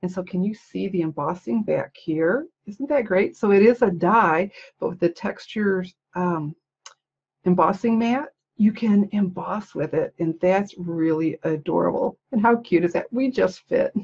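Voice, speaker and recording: A woman's voice: on the low side, measured pace, gravelly, darkish tone, husky, dull audio. A woman chatting casually on a livestream, showing handmade cards and gushing over them with frequent little laughs. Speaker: stamping demonstrator showing swap cards. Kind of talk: casual livestream show-and-tell.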